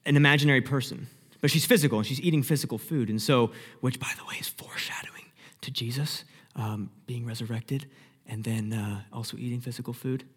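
A young man preaching a sermon, telling the story vividly and acting out the scenes, dropping from loud to hushed. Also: mid-range voice, fairly even intonation, a little fast, breathy edge. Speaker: pastor. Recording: long hall reverb.

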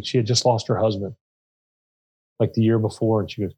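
A man's voice: fairly low pitch, fairly even intonation, a little fast, pauses often, dark tone, husky, poor audio. A middle-aged man, a nonprofit co-founder and chief executive, speaking earnestly in a podcast interview and telling stories with many restarts. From Pennsylvania.

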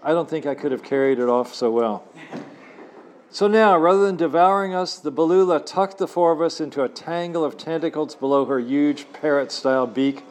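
A man reading his own adventure novel to a live audience in a cafe, expressive and wry, adding asides. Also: fairly high pitch, normal speed, slight background noise. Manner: wry, expressive storyteller who adds asides.

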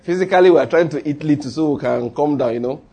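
A man's voice: a little high, fast talker, warm tone. A man preaching a sermon in a church, humorous and conversational, leading the congregation in call-and-response. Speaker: pastor.

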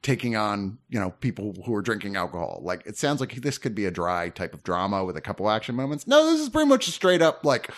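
Man, middle-aged, podcast co-host, casual film chat, lively pitch, laughs a lot. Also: fast talker, few pauses. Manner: animated, laughs often, swears casually. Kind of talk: casual movie review chat.

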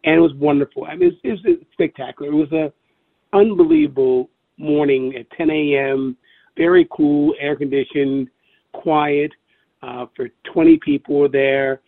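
A man recalling his experience in an interview, speaking haltingly, searching for words and repeating himself. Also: fairly high pitch, big pitch swings, vocal fry, no echo. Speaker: interview guest. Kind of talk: personal recollection over the phone. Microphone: telephone. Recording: tinny phone line.

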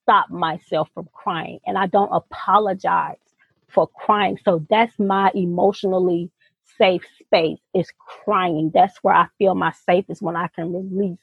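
A woman's voice: fairly low pitch, unhurried, creaky, husky, no room sound. A woman co-hosting a podcast, talking earnestly and expressively in a casual, heartfelt conversation. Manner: earnest, expressive, folksy asides. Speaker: podcast co-host. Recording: tinny phone-like sound.

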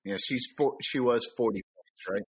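A man's voice: medium pitch, moderate pace, slightly rough. A man hosting a podcast, chiming in with short joking asides in casual chat. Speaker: podcast host.

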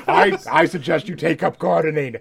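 Deadpan joking man, gravelly voice. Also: high-pitched. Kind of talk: casual podcast chat.

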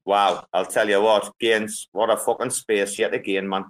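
A man's voice: fairly low pitch, little pitch movement, moderate pace, a little hiss or hum. A man hosting a casual online audio chat, swearing freely and joking with his guests. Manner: profane, joking banter. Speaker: host.

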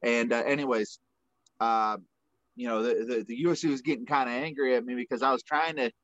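A man tells his own story as a podcast guest, rambling and animated, with constant fillers. His pitch sits in a middle range. The audio is muffled and dry. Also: a little fast, dry recording. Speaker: guest, retired fighter. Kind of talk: casual storytelling.

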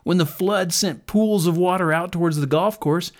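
Male storyteller reading a children's tale, animated, shifts between hushed and lively. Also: moderate pace. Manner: expressive, drops to a hush at quiet moments; builds in pitch and loudness as the action rises.

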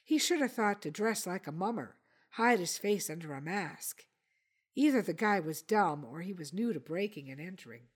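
Woman storyteller with a lowish voice, steady audiobook reading. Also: normal speed. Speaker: narrator. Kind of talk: audiobook narration.

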